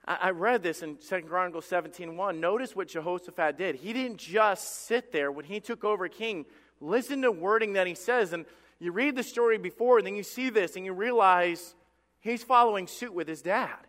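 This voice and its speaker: A man's voice: sits high, normal speed, a bit bright. A man preaching a sermon as pastor, passionate and emphatic, often repeating words as he builds. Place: church sanctuary. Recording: long church reverb.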